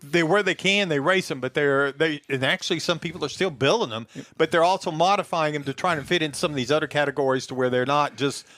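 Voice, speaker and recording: A Texan man with a bright, forceful voice, talking through racing history in a folksy, rambling way. He sounds like a car show co-host in casual conversation. The sound is dry and close. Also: on the high side, fast, few pauses, no room sound. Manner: folksy, rambling, laughs easily. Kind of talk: casual chat, explaining history.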